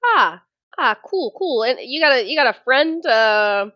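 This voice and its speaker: A woman's voice: high voice, lively intonation, a little slow, lo-fi sound. A woman playing in a tabletop game, chatty and full of questions. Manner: chatty, questioning, laughs a lot. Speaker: player. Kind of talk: casual game chat.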